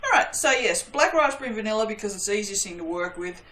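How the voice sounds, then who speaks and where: A woman's voice: mid-range voice, animated, fast talker, pushed and bright, slight background noise. Rambling woman in an echoey room. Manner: rambling, self-deprecating, swears lightly. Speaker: soap-making channel host. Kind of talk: casual chatty craft vlog. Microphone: webcam.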